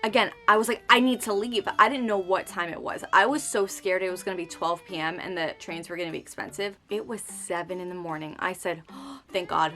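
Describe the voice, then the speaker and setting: A young woman telling a story to her camera in a chatty, dramatic way, acting out quotes with sudden high outbursts. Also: fairly even intonation, a little fast, fairly bright tone. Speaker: vlogger. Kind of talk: casual storytime chat.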